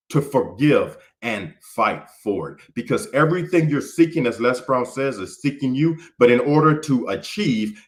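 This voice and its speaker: A man from Houston, Texas, giving a motivational keynote speech, building through repeated phrases and moving from hushed to forceful. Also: mid-range voice. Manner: preacher-like build-ups, repeating phrases and swinging from soft to forceful. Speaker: motivational speaker.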